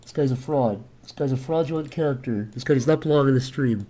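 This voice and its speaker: A man's voice: mid-range voice, fast talker, mellow. A young man live-streaming at his computer, rambling casually as he thinks aloud, full of fillers and restarts.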